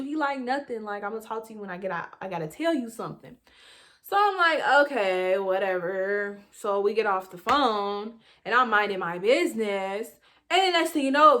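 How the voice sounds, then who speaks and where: Dramatic young woman telling a storytime. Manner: animated, dramatic, swings between loud outbursts and low asides; casual slangy storytelling straight to viewers. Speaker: vlogger. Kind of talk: storytime vlog.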